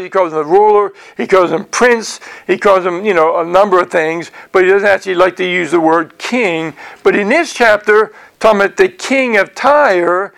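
A man's voice: high voice, creaky, a bit bright. A man teaching through a Bible passage verse by verse in a conversational way, repeating words and using many fillers.

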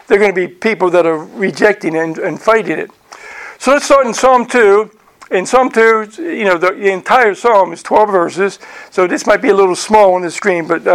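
Middle-aged pastor guy, pretty high voice, chatty sermon, keeps saying right?. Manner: conversational, frequent "right?" asides, reads scripture aloud slowly. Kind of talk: sermon teaching.

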